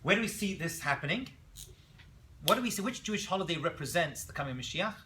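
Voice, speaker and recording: Lively, animated rabbi teaching a class. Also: male voice, on the high side, quick pace, slight background noise. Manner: animated storyteller, asks the class questions. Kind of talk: classroom lecture.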